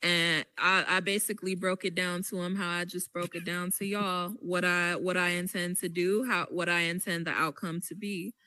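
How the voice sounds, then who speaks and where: A woman's voice: lowish voice, level tone, normal speed, hardly any pauses, pushed and bright, smooth, dry recording. A woman hosting a podcast, telling a story with emphasis and animation. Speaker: podcast host. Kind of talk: casual podcast chat.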